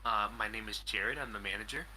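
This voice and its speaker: A man's voice: fairly low pitch, fairly quick, pushed and bright, slight background noise, voice pushed down, poor audio. A man putting on a voice as a smug male customer service manager who mocks the caller. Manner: smug, teasing.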